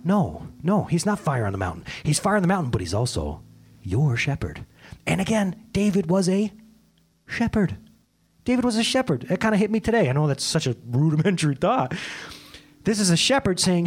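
A man with a slightly husky, fairly high voice preaches a sermon in a loose, joking, conversational way. His pitch swings widely, from bright peaks down to sudden hushed drops. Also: very animated, fairly quick. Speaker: pastor.

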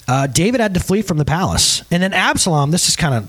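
A man's voice: on the high side, sing-song, fast talker, a bit bright. A man preaching a sermon at a church service, casual and joking as he tells a story. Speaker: pastor.

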